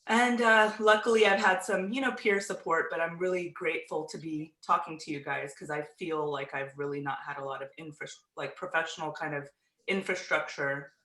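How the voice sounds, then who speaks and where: Brief: rambling, bright-voiced woman from the US South, roomy call audio. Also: sits low, steady tone, normal speed. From American South. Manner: chatty, rambling, self-deprecating. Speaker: therapist. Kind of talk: casual introduction on a group video call. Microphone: video call.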